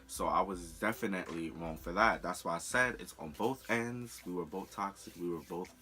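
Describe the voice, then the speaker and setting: A young man telling a personal story in a candid, profane, animated way on a storytime vlog. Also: deep voice, normal speed. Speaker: vlogger.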